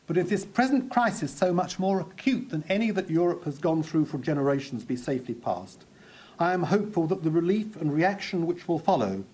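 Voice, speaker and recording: Guy lecturing on history, a bit husky, slightly high voice, steady measured delivery. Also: rough recording.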